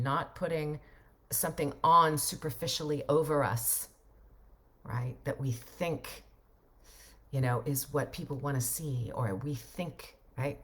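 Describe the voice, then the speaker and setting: A woman's voice: low-pitched, a bit bright. A middle-aged woman, a voiceover coach, chatting casually on a livestream and reading out viewer comments, reflective and rambling.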